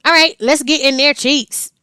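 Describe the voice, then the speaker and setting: A woman's voice: sits high, bright, forceful tone, no room sound, studio quality. A woman doing a casual tarot reading, blunt and slangy, laughing often and cursing freely. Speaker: tarot reader.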